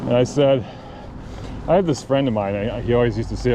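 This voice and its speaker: A man's voice: mid-range voice, a little fast. Profane, rambling man outdoors by traffic. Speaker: cycling vlogger. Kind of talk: casual storytelling. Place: outdoors by a road. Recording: clear outdoor traffic noise.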